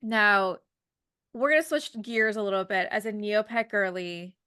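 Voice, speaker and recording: A woman's voice: medium pitch, animated, unhurried, bright, forceful tone, smooth. A woman hosting a podcast interview, gushing and effusive, with some casual swearing. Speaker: podcast host.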